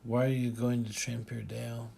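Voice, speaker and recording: A man's voice: medium pitch, little pitch movement, normal speed, creaky, warm tone, slight background noise. A man voicing a terse, secretive tech magnate in an audiobook, with clipped questions.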